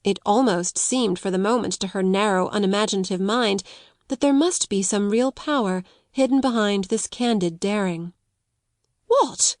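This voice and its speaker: A woman reading a classic novel aloud as an audiobook narrator, in clear, even storytelling. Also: mid-range voice, moderate pace, no echo, studio quality.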